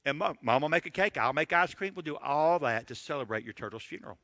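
A man voicing a five-year-old boy who is grieving but eager, told softly within a sermon. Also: on the high side, expressive, quick pace, no echo, studio quality.

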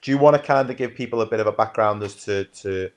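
Easygoing host with a low voice. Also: male voice, fast. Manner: easygoing, conversational questioner. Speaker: podcast host. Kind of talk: casual interview chat.

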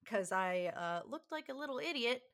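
A woman's voice: on the high side, animated, moderate pace, fairly bright tone. A woman co-hosting a podcast, chatting and explaining things with frequent laughs. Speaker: podcast co-host. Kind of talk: casual chat.

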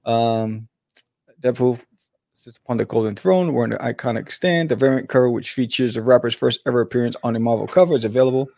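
A man's voice: medium pitch, fast, vocal fry, a little mellow, no room sound, studio quality. A man co-hosting a casual chat, laid-back with slang and lots of fillers. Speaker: podcast co-host, comic artist.

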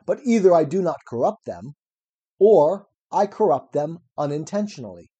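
A man's voice: on the high side, big pitch swings, moderate pace, dark tone, husky, lo-fi sound. A man reading aloud as an elderly male philosopher defending himself at trial, ironic and probing. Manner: cross-examining, probing, ironic. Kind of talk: reading a classic dialogue aloud.

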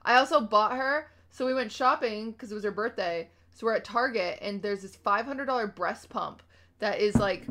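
Bright-voiced chatty young woman. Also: medium pitch, normal speed. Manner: chatty storyteller, acts out quotes animatedly. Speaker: podcast co-host. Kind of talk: casual chat.

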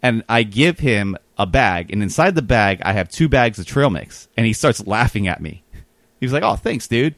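A man with a fairly low voice speaks at a moderate pace, with no room sound, as a guest telling a long, rambling story in casual chat. He's animated, leaning on fillers and quoted dialogue.

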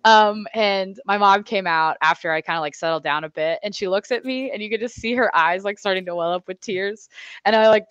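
A young woman, a motorcycle racer, telling race stories in a chatty, animated way on a podcast. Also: medium pitch, a little fast, clean tone, dry recording, lo-fi sound. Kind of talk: casual storytelling interview.

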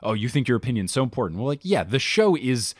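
A man's voice: medium pitch, fast talker, breathy edge, no room sound, studio quality. A man on a podcast, talking casually and animatedly with plenty of fillers and exaggeration. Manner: animated, hyperbolic, many "like" fillers. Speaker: podcast guest.

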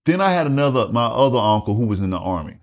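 A man's voice: medium pitch, fast talker. A middle-aged man with a Southern US accent, a retired Air Force guest telling stories casually, profane and acting out quotes. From South Carolina, USA. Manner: animated, profane, acts out quotes in raised voice. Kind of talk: casual storytelling interview.

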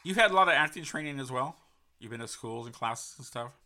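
A man's voice: mid-range voice, lively intonation, fast talker, bright, forceful tone. A male podcast host in a casual interview, rambling and chatty with lots of fillers.

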